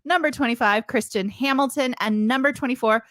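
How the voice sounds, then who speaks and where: An American woman co-hosting a casual fan podcast, giddy and quick to laugh. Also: high voice, a bit bright, no echo, studio quality. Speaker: podcast co-host.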